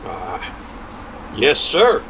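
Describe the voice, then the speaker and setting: A man's voice: mid-range voice, huge pitch swings, extremely slow, vocal fry, fairly bright tone, heavily acted. A man doing a lazy young farm boy. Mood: eager. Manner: drawling backwoods speech. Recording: distant mic, faint air-conditioner hum.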